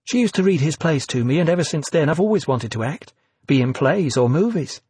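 A man reading aloud, voicing an earnest, eager young woman in a raised, breathy voice. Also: a little high, expressive, brisk, a little mellow, no echo, voice pushed up.

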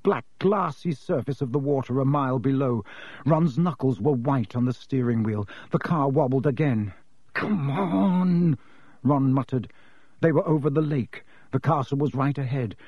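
A man narrating a storybook in a steady, measured reading. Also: a little high, no room sound. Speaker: audiobook narrator. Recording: dull, lo-fi dry recording.

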